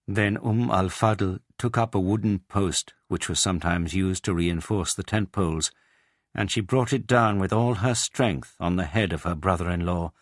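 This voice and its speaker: A man reading a historical account aloud as a narrator, in a measured, even way. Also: low voice, no room sound, clean studio sound. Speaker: audiobook narrator. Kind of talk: scripted narration.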